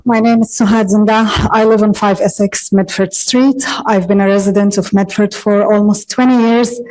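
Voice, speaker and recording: A woman's voice: mid-range voice, steady tone, moderate pace, a little mellow, poor audio. A woman from Gaza giving an impassioned public comment at a city council podium, pleading and repeating her phrases. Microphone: podium microphone.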